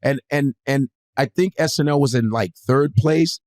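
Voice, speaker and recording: A man's voice: medium pitch, normal speed, no room sound. A man, a comedian guest, telling a story in casual chat and acting out other people's lines in shifting voices. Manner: animated storyteller, acts out quotes in shifting voices, swears freely.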